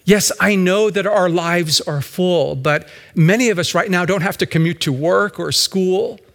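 A male pastor giving a slow, reflective sermon that builds in intensity toward the close. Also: high-pitched, gravelly, fairly bright tone, in a large hall.

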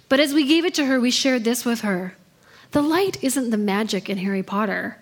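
A woman's voice: on the high side, animated, moderate pace. A woman preaching a sermon in her thirties, telling stories in an earnest way. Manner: earnest storytelling delivery.

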